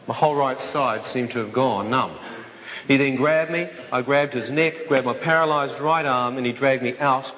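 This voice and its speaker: A man telling a dramatic personal testimony to an audience, vivid and animated, acting out the voices in his story. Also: mid-range voice, moderate pace. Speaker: speaker giving a testimony. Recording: echoey hall, dull sound.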